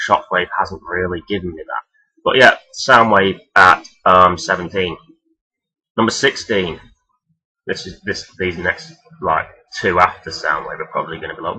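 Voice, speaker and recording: A man talking casually and rambling as he counts down his favourite characters, swearing freely and filling pauses with "um". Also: low voice, bright, forceful tone, husky, poor audio. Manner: rambling, profane, many fillers. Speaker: vlogger ranking toy robot characters. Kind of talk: casual unscripted countdown talk.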